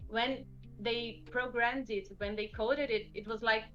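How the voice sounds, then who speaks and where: A woman's voice: fairly high pitch, steady tone, unhurried, fairly bright tone, highs cut off. A woman guest designer chatting casually, often laughing and restarting her sentences. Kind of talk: casual chat.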